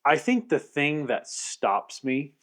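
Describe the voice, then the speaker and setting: A man's voice: on the high side, sing-song, slow, fairly bright tone. A man co-hosting a podcast, speaking casually and thoughtfully in a reflective way. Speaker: podcast co-host.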